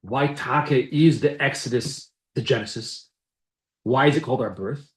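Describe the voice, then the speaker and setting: A man's voice: mid-range voice, moderate pace, echoey room. A man teaching a Torah class in a conversational way, reading Hebrew phrases and then explaining them in English. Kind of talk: text-based Torah class.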